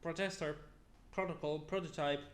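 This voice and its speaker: A man slowly reading a long list of words aloud one by one, with now and then an exasperated aside. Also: on the high side, echoey room. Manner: slow, flat word-by-word reading with exasperated asides. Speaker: youtuber.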